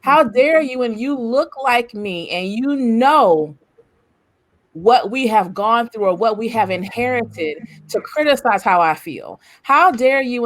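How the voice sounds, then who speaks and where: A woman's voice: fairly high pitch, expressive, slow. A woman on a podcast panel, talking emphatically and passionately, hammering home repeated rhetorical questions. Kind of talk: casual discussion.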